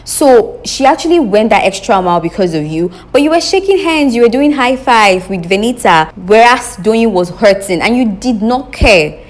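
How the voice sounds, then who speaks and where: A young woman giving an opinionated recap of a reality show, emphatic and animated, talking straight to her viewers. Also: fairly high pitch, moderate pace. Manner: animated, emphatic, addresses viewers as guys, repeats questions for effect. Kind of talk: casual opinionated commentary.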